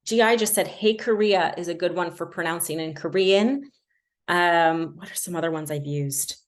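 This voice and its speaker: A woman's voice: fairly low pitch, normal speed. A young adult woman casually teaching language learning on a livestream, chatty and self-deprecating, with lots of fillers.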